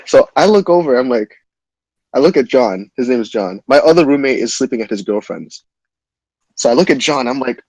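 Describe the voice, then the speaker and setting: A young man streaming to his chat, retelling an outrageous story in a quick, animated way and swearing freely. His voice sits in a mid pitch. The recording is dry and close. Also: dry recording, rough recording. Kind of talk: casual storytelling.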